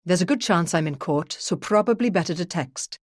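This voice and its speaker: A woman narrator voicing a brisk, businesslike male crown prosecutor with a Welsh accent. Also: high voice, animated, no echo, clean studio sound.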